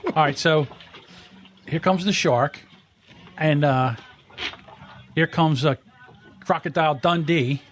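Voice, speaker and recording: A man co-hosting a podcast, telling a news story in a casual, swearing, animated way. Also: fairly high pitch, slow pace, long pauses, a little hiss or hum. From Pennsylvania. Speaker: podcast co-host. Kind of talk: casual chat.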